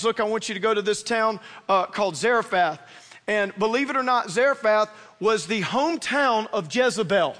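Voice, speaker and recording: A male pastor delivers a lively sermon, slipping into voices as he retells a Bible story. His voice sits unusually high for a man. The sound carries a long, ringing reverb from a large church hall. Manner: animated preaching, acts out biblical characters.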